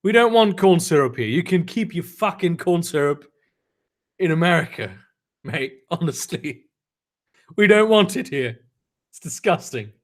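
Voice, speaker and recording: A man reads a badly written story aloud in a high, bouncing voice and keeps stopping to mock it. His tone stays sarcastic and amused. His pitch swings a lot from line to line. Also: lively intonation, unhurried, pauses often. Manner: sarcastic, mocking commentary between read lines. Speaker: reader of fan fiction. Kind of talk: comedic dramatic reading with asides.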